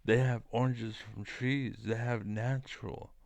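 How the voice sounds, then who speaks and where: A man's voice: mid-range voice, steady tone, a little slow, gravelly, no echo. A man giving a rambling, profane, combative monologue to camera as a vlogger.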